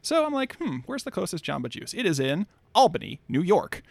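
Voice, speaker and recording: A man on a podcast telling a rambling, absurd story in a casual, deadpan way. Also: high-pitched, brisk, gravelly, no room sound. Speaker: podcast co-host.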